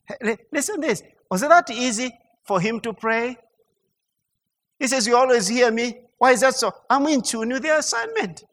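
A man preaching a sermon in an animated way, stammering through restarts and building to emphatic peaks. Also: extremely high pitch, moderate pace. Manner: animated, mimics mock prayer sounds and laughs. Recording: long hall reverb.

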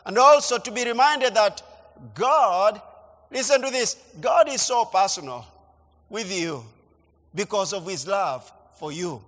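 A man preaching a sermon, emphatic and repeating phrases as he swings between loud and soft. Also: sits high, sing-song, measured pace, big-room sound. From Kenya. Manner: emphatic, repeats phrases, rising and falling delivery. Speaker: pastor. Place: church.

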